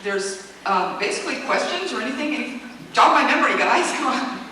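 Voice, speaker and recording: A woman's voice: fairly high pitch, brisk. Laughing woman telling stories in an echoey hall. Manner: animated, laughing often, acts out quotes. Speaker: convention guest speaker. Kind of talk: casual storytelling Q&A. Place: convention hall. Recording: echoey hall recorded from far off, noisy.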